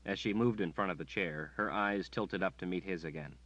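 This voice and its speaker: A man narrating an audiobook in a measured storytelling manner. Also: deep voice, fairly bright tone, poor audio. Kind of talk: scripted narration.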